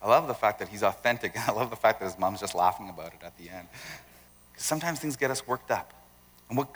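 Bright-voiced pastor in a reverberant church. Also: male voice, medium pitch. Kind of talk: sermon. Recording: long hall reverb.

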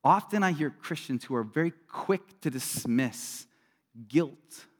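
Man preaching, middle-aged, earnest and conversational, slightly high voice, long hall reverb, sudden loud bursts and hushed drops. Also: lively intonation, measured pace. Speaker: pastor. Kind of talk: sermon.

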